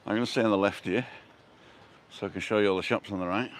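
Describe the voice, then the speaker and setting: Talking fast in a lowish voice with fairly even intonation, the Englishman vlogs a lighthearted street tour outdoors. He chats about the shops along the way and chuckles at his own quips, with a little hiss or hum audible.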